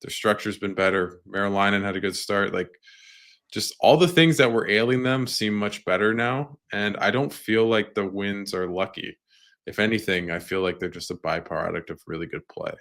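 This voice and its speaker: A quiet, soft-spoken man chatting on a sports podcast. His voice sits fairly low but has a bright, forward ring. He keeps things relaxed and easygoing. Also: normal speed. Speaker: podcast host. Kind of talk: casual sports podcast chat.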